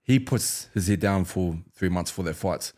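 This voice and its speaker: Laid-back New Zealand man, low voice. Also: moderate pace. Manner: animated storyteller, acts out fight banter and laughs. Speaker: former UFC fighter, guest. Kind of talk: casual storytelling interview.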